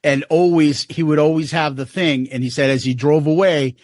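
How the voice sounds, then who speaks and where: A man's voice: a little high, steady tone, moderate pace, no echo, studio quality. A man co-hosting a podcast, rambling and joking as he talks through his favorite songs in casual chat. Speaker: podcast co-host.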